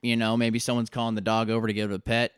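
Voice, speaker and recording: A man co-hosting an improvised comedy podcast, calmly building the joke in a matter-of-fact way. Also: on the low side, racing, smooth, no echo, studio quality.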